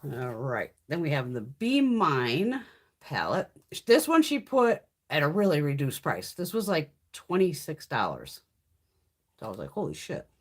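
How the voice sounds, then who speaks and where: A beauty vlogger in her fifties hosts a casual live makeup haul, laughing often and swearing without restraint. Her low voice carries a breathy edge, moves through huge pitch swings, and keeps a measured pace.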